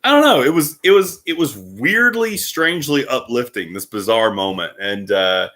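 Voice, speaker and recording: Male vlogger with a lively, bright voice for a casual story to camera. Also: mid-range voice, moderate pace. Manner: animated, with frequent fillers.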